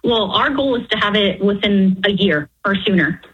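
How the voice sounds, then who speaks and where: Husky woman calling in on a dull line. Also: mid-range voice, animated, normal speed. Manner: friendly, a little hesitant. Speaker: caller. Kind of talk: phone-in question.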